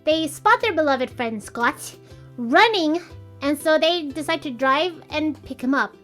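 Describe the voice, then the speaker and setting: Woman co-host, very high and bright voice, animated ranting retellings. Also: unhurried, soft background music. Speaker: podcast co-host. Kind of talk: casual chat.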